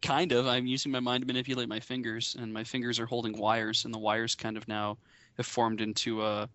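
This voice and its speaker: A man's voice: mid-range voice, little pitch movement, brisk, fairly bright tone, no room sound, highs cut off. A man in a casual chat who tells a long joke and acts out its characters.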